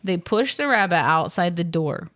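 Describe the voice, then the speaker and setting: A woman's voice: lowish voice, animated, moderate pace, fairly bright tone, no echo. A woman co-hosting a film podcast, chatty and rambling as she retells scenes with lots of fillers. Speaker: podcast co-host. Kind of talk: casual movie recap.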